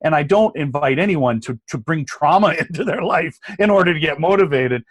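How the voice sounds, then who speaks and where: A man in his forties with a slightly high voice tells his story with earnest feeling. He acts out old conversations as he goes, and the recording is dry and close. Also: animated, fairly quick, husky, no echo. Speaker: abundance coach, guest. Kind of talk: conversational podcast interview.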